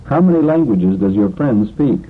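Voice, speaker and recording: A man reading a scripted language drill slowly and deliberately, as a course instructor, on a tinny lo-fi lesson tape. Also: medium pitch, lively intonation, breathy edge.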